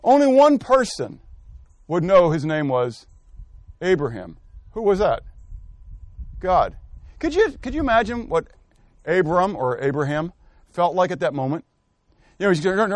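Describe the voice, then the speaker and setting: A man's voice: high voice, big pitch swings, a little slow, pauses often, no room sound. A man teaching a Bible study, quizzing his class and calling on people by name while he thinks aloud and corrects himself. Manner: asks the class questions and calls on people by name. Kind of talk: interactive scripture lesson.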